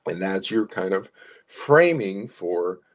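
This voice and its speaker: A man's voice: low voice, expressive, slow. A man, a psychologist consultant, gives clients informal advice and coaching, explaining step by step and repeating key phrases.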